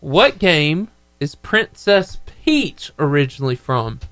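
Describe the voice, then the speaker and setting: A man's voice: a little high, big pitch swings, slow pace, fairly bright tone. A man hosting a radio show, running a quiz with upbeat, cheering banter.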